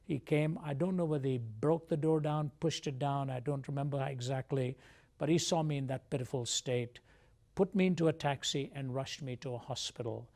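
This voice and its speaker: A man from India with a gravelly edge to his voice. He tells his story as a guest on a TV interview, measured and earnest, at a middle pitch. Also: darkish tone.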